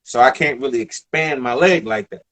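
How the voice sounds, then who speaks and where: A man in his thirties from the Bronx with a New York accent, telling stories in a casual interview, animated, emphatic and profane. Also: medium pitch, moderate pace. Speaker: former basketball player, guest.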